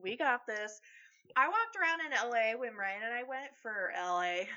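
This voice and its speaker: A woman co-hosting a podcast, telling a family story in casual chat, animated and swearing freely as she acts out quotes. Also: a little high, brisk, dull audio, crowd noise. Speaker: podcast co-host.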